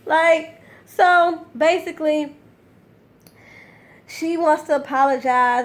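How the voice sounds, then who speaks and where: A woman's voice: sits high, measured pace. A woman hosting a casual TV recap, talking in a sassy, blunt and profane way as she retells scenes. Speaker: TV recap host. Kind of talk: casual reality TV recap commentary.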